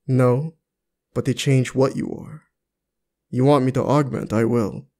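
A man reading lines for a brooding adult male cyborg agent, in a slow, low murmur. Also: vocal fry, mellow.

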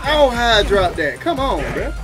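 This gaming video host gives live, brash, slangy commentary full of trash talk and frequent laughter as he plays. His voice sits high and sing-song at a moderate pace, and loud game music plays behind him.

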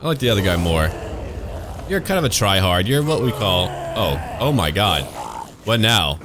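A man's voice: lowish voice, sing-song, normal speed, noisy background. A man giving sarcastic, jokey running commentary while playing a video game, over game music. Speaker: gaming YouTuber. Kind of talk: let's play commentary.

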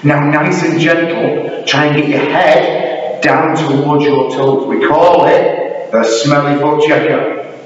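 A man leading a young children's martial arts class. He is encouraging and playful, and he counts aloud with loud shouts. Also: fairly high pitch, fairly even intonation, takes it slowly, dull audio. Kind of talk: kids' exercise class instruction. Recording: roomy hall audio from a distant mic.

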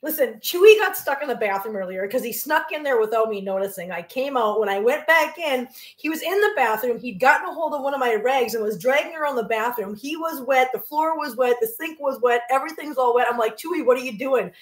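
A chatty middle-aged woman rambling through a cooking livestream in her home kitchen, her voice pitched a touch high. The room is echoey and hard-walled, and she talks loosely, laughing and cooing at her pets between steps. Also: expressive, brisk, hardly any pauses. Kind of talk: casual chat while cooking live.

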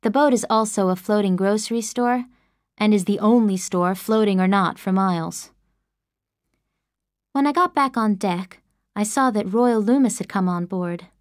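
A woman narrating an audiobook in the first person, measured and expressive, close to the mic. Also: medium pitch, no room sound.

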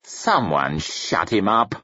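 A man's voice: low voice, very animated, takes it slowly, bright, forceful tone, husky, dry recording, lo-fi sound, exaggerated voice. A man voicing a sardonic, crippled male inquisitor with a dry, sarcastic manner.

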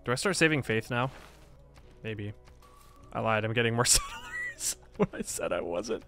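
A man's voice: lowish voice, very animated, measured pace, pauses often, pushed and bright, faint music behind. A man giving casual let's-play commentary on a strategy game, playful and self-mocking, laughing often. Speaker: gaming video creator.

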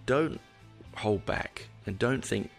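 A man's voice: fairly low pitch, slow, vocal fry, soft background music. A man hosting a casual solo podcast, rambling along with frequent restarts and the odd swear word. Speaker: podcast host.

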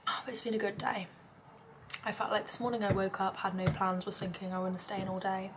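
A woman's voice: mid-range voice, flat delivery, fairly quick, background noise. Tired, rambling young woman vlogging. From England. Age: young adult. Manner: rambling, talks in run-on lists with many "like" fillers. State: tired and overwhelmed. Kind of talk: casual chatty vlog. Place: home, indoors.

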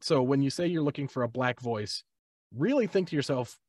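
A man speaks over a video call with a dry, close sound and no room echo. He explains his points in a calm, measured way as a panel co-host. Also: medium pitch.

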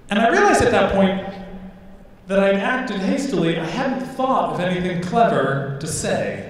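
Guy doing stand-up, kinda high lively voice, big roomy hall with noise around. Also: moderate pace. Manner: animated storytelling, acting out voices. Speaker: stand-up comedian. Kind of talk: stand-up comedy set. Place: large hall with a live audience. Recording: echoey hall recording from far off.

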